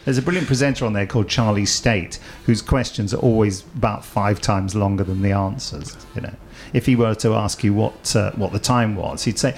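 Male podcast host, halting, lots of filler, light background noise. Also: fairly low pitch, darkish tone. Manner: hesitant, many ums and restarts. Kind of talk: casual podcast chat.

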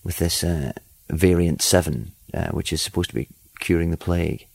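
Scottish male actor, deep voice, umming and erring through an interview clip, dry booth sound. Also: normal speed, gravelly, a little mellow, husky, no room sound. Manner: hesitant, many fillers, chatty.

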